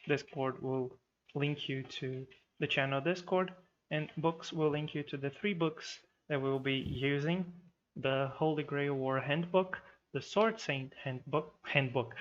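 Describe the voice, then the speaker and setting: Slow-talking man running the game. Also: medium pitch, a bit bright, lo-fi sound. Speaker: game master. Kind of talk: running an online tabletop game.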